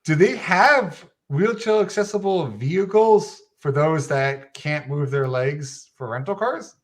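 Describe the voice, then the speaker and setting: A man's voice: on the high side, animated, measured pace. A man hosting an interview, asking curious, informal questions. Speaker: host.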